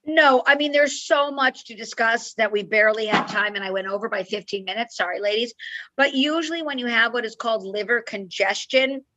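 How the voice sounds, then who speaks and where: A woman's voice: on the high side, a little fast, pushed and bright, dry recording, dull audio. A woman herbalist giving an informative online talk and answering questions. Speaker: herbalist speaker. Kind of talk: online lecture and Q&A.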